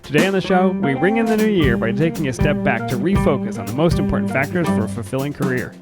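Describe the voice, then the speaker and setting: A man co-hosting a casual podcast, playful and quick with jokes. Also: fairly high pitch, expressive, loud music behind the voice. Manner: joking, playful, upbeat. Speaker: podcast co-host.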